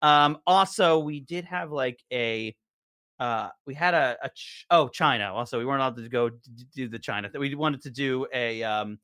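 Young adult man, podcast guest, bright tone, dry close sound, meandering anecdotal delivery. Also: mid-range voice, normal speed, clear, resonant tone, no room sound. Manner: rambling storyteller with many fillers and restarts. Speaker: podcast guest, show co-creator. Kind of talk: casual chat.

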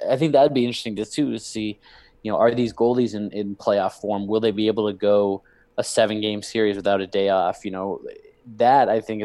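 A man talking hockey on a casual podcast, voice sitting a little low and recorded dry and close. He rambles and corrects himself mid-sentence. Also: darkish tone, no room sound. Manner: rambling, self-correcting, restarts often. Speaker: podcast co-host. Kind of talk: casual sports chat.

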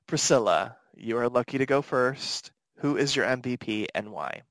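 A man's voice: mid-range voice, lively intonation, moderate pace, a bit bright, no echo. Upbeat man hosting a podcast. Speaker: podcast host. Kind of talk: casual podcast chat.

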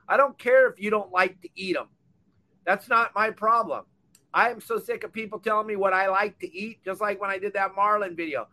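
A brisk, fired-up rant comes from an older fishing podcast host on a boat or dock. His Southern Californian voice is high and bright, and his manner is blunt and scolding.

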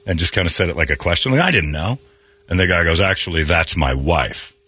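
A man hosting a morning radio show, telling stories in a jokey, animated way. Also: low voice, fast talker, husky, no echo. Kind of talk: casual radio banter.

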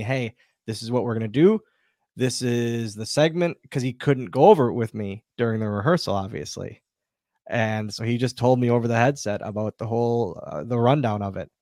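A man with an ordinary mid-pitched voice tells a relaxed, animated story. He acts out bits of dialogue as he goes. The sound is dry and close, with no room echo. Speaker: guest, former wrestler. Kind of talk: casual storytelling.

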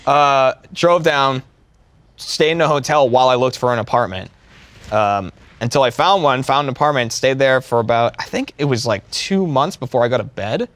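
A man's voice: medium pitch, normal speed, a bit bright, no room sound. A young man from near Boston, a guest in a casual chat, laid-back and swearing freely.

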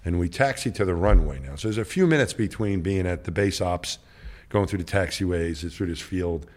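A middle-aged former astronaut, appearing as a guest on an interview show, tells a long, rambling anecdote and acts out what the people in it said. His voice is low, a little fast and a little mellow, with lively intonation, in the manner of a casual storytelling interview.

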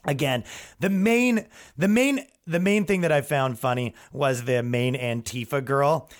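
A man's voice: medium pitch, a little slow. A young man, a comedian and podcast host, telling rambling, jokey stories in a casual monologue and acting out the people he saw.

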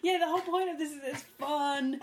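A woman's voice: high voice, a little fast. A woman co-hosting a podcast, giggly and laughing often through casual banter. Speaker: podcast co-host.

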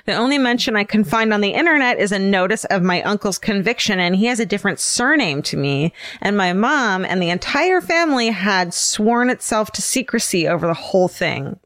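A woman co-hosting a podcast, reading listener letters aloud in a casual, animated way with laughs and swearing. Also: medium pitch, brisk, few pauses, dry recording.

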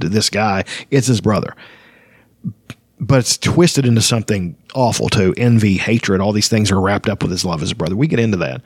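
A man's voice: lowish voice, husky, no room sound, studio quality. A man hosting a casual book talk, rambling with frequent restarts. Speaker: podcast host discussing a fantasy novel. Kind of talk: casual chat and reading aloud.

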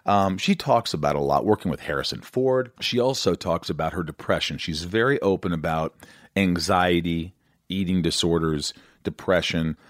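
Brief: male podcast host, 40s, very low voice, dry close sound, energetic and rambling. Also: moderate pace, dry recording. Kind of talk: casual interview chat.

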